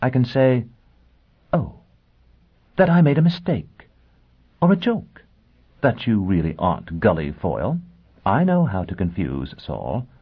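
A proud, bitter young woman with a cutting, scornful tongue, as a male audiobook reader plays her. The voice sits very deep and sounds husky. It comes through thin and tinny, like a phone line. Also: wildly swooping pitch, a little slow, pauses often, heavily acted. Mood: taunting. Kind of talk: audiobook character voice.

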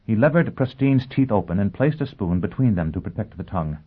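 A male audiobook narrator with a low voice, reading the story in an even, steady way. The sound is thin and phone-like, as if heard down a line. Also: quick pace, slightly rough. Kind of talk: scripted narration.

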